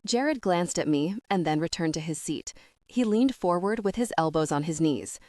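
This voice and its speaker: Woman narrator for a romance audiobook, lower voice, dry close sound, steady first-person read. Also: normal speed, no room sound.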